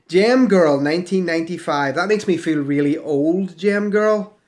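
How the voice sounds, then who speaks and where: Male host, 40s, high voice, sarcastic comeback reader. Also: normal speed, a little mellow. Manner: sarcastic, mocking. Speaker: YouTube host. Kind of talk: reading and answering hostile comments.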